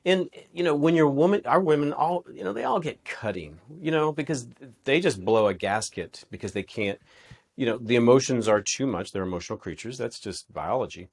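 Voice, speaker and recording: A man's voice: mid-range voice, expressive, brisk. A man in an interview, talking casually and animatedly as a relationship coach, acting out quoted exchanges as he explains.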